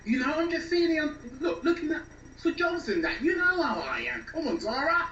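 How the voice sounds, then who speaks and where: A man plays a jobless English boyfriend with an English accent, whiny, defensive and rambling. The voice sits unusually high and bright for a man. The radio play sounds echoey and dull, as if taken from a distance. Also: expressive, a little fast, a little hiss or hum, heavily acted. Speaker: actor. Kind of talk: radio drama acting.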